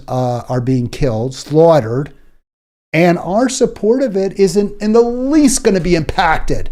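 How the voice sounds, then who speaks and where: A man's voice: a little high, warm tone. A man hosting a political talk show, delivering an indignant, exasperated monologue and stumbling over repeated words when worked up.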